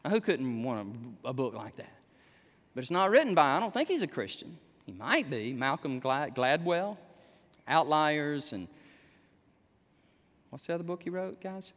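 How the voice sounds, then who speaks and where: A male pastor preaching a sermon in a church, animated, with sudden shouts and humorous asides. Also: a little high, moderate pace, long pauses. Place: church sanctuary. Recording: echoey church hall.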